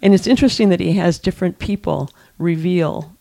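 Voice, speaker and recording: Gravelly-voiced woman talking emphatically. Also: lowish voice, brisk, warm tone. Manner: emphatic, repeats herself, many restarts. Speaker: co-host and columnist. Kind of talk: casual political chat.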